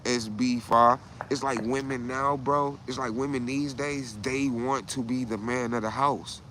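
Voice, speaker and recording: A man's voice: medium pitch, fairly even intonation, a little slow, fairly bright tone, a little hiss or hum. A man talking to his live stream viewers in a rambling, profane monologue, often tagging "right?" onto what he says. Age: adult.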